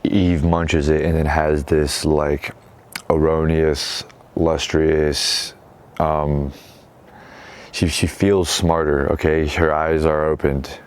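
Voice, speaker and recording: A man's voice: a bass voice, flat delivery, slow pace, clear, resonant tone. A man hosting his own show, casually retelling a story in slangy talk and quoting the characters as he goes. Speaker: show host.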